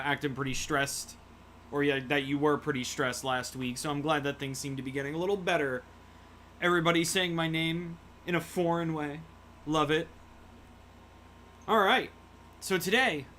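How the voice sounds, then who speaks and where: A man's voice: a little high, pushed and bright. A man streaming a video game, chatting with viewers and joking about what he sees. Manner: jokey, chatty, greets chat. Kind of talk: casual gameplay commentary.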